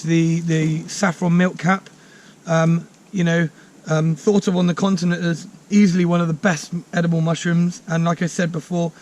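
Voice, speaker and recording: A man, a mushroom forager, explaining finds in a chatty, enthusiastic way outdoors in the woods. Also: sits high. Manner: enthusiastic, chatty, many fillers. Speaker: mushroom forager and course teacher. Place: outdoors in woodland.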